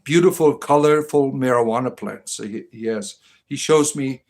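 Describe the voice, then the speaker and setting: A middle-aged man hosting a casual livestream, rambling and halting with many fillers and restarts. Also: mid-range voice, a little mellow, low-quality recording. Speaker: livestream host.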